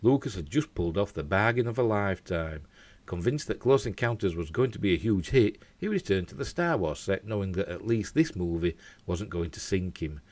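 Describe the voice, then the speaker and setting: A man with a Yorkshire accent reads entertainment news in a lively voice that swings up and down. His voice sits low, and the recording is close and dry. He breaks in now and then with jokey asides. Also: fairly quick, dry recording. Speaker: host.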